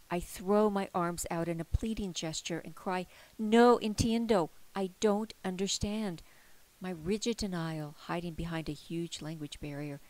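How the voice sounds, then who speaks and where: Woman, lower pitch, reading her own story aloud in a soft, hushed storytelling voice. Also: poor audio. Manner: quiet, hushed storytelling, often near a whisper. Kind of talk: memoir reading.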